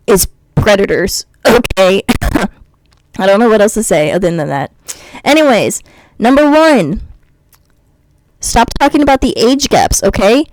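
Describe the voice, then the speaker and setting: In a mid-range, darkish voice, a woman vlogger from the United States rants bluntly and sarcastically about her commenters, mocking them with sing-song impressions. The audio quality is poor.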